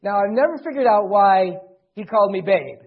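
A middle-aged man preaching a sermon as pastor, earnestly, swelling loud and then dropping soft. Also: high-pitched, expressive, normal speed, husky. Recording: dull lo-fi recording.

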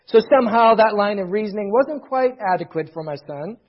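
A middle-aged male pastor preaching a sermon, swelling loud, then dropping to near whispers. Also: high voice, animated, a little fast, lo-fi sound.

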